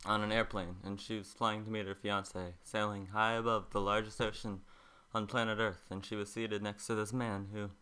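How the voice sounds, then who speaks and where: A man quietly telling a story in a hushed, soft voice before playing a cover song. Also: lowish voice, level tone, normal speed, few pauses, smooth. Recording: roomy echo with loud ukulele. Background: ukulele playing.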